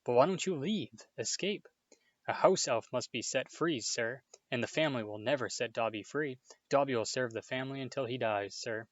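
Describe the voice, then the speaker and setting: A man voicing a small, excitable, servile male house elf with a high-pitched, tearful, overly humble manner. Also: moderate pace, dry recording, natural voice. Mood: fearful. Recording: dull, dry home recording.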